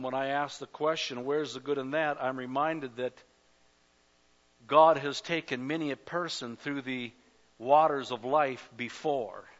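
A pastor preaching a sermon at a church service, passionate, swelling to loud cries and speaking straight to the congregation. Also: male voice, mid-range voice. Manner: addresses the congregation directly. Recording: dull lo-fi recording.

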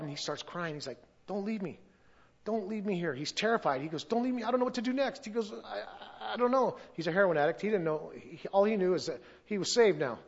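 Man preaching a lively testimony. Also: a little high, highs cut off. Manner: storytelling, acts out quoted voices. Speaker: pastor. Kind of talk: testimony sermon.

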